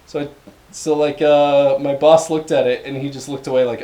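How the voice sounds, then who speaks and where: A man's voice: medium pitch, steady tone, a little fast, dark tone. A young man co-hosting a podcast, telling a story in casual chat with profanity and frequent laughter. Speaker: podcast co-host.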